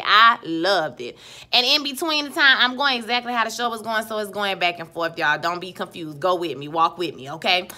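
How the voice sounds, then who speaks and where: A woman hosting a casual TV show recap, animated and chatty, talking straight to her viewers. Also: medium pitch. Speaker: TV recap host.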